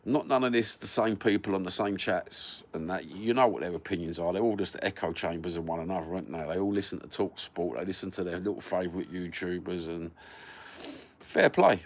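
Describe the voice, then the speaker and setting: A Cockney man in his fifties with a fairly low voice talks straight into his phone on a live stream. He rambles and swears freely with easygoing, blokey banter. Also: fairly quick. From London. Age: 50s. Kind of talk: casual live-stream chat.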